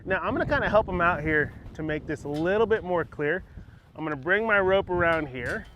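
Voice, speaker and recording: Man, slightly high voice, calm horse trainer who praises and explains steps, dull lo-fi sound with faint outdoor noise. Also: brisk. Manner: calm, praises the horse often while explaining each step. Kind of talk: hands-on training demonstration. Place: outdoors at a paddock gate.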